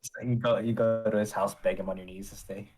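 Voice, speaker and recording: A laid-back man chatting on a podcast in a low, husky voice. His talk is loose and slangy, and faint music plays in the background. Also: fairly even intonation, a little fast, darkish tone. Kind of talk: casual chat.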